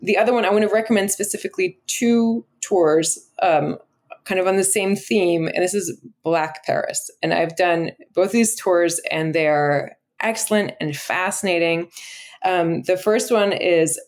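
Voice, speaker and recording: A talkative American woman in her thirties, guesting on an interview show. Her voice sits a little low, and she talks in quick, lively bursts, looping back with "like" and "you know" as she goes. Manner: chatty and animated, many filler words and restarts. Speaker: guest, travel journalist. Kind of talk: conversational interview.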